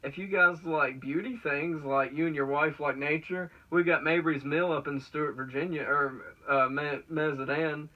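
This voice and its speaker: A man with a Southern American accent who hosts the interview in casual chat, eager and quick to laugh. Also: on the high side, fairly even intonation. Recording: distant muffled call audio.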